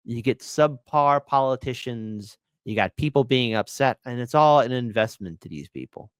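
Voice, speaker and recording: A man hosting political commentary, mocking and animated, jumping between voices. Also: medium pitch, moderate pace, clean tone, no echo.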